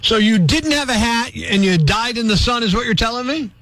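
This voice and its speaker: A man's voice: very high voice, fairly quick, fairly bright tone. A man hosting a morning radio show, wisecracking and ranting with energy between caller calls. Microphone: studio mic.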